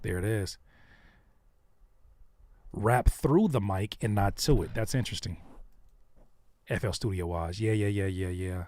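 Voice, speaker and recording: A man's voice: fairly low pitch, moderate pace, warm tone, dry recording. A man who raps and produces, hosting a live stream with casual, slangy commentary. He repeats phrases for emphasis and acts out other people's remarks.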